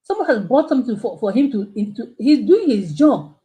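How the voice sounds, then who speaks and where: A woman hosting a live stream, giving casual commentary in an animated way, full of rhetorical questions and exclamations. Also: a little high, fairly quick, rough recording. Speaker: channel host.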